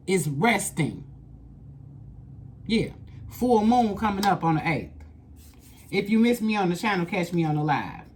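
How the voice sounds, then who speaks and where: A woman's voice: on the low side, expressive, slow pace, a little mellow. A woman doing a casual tarot reading, blunt and profane, repeating lines for emphasis. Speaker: tarot reader.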